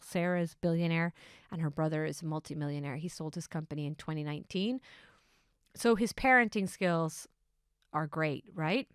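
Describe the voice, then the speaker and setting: A middle-aged woman hosting her own podcast, telling a story in a casual, excitable way that swings between hushed asides and bursts of enthusiasm. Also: low voice, clean tone, no room sound, studio quality. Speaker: podcast host.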